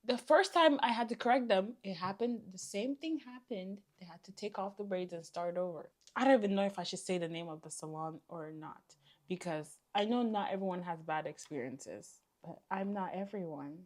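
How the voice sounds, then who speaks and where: In a casual storytime vlog, a woman talks to camera with a mid-range, somewhat dark voice at a normal pace. She's hungry and vents in a tired, exasperated way, picked up by a camera mic facing a monitor.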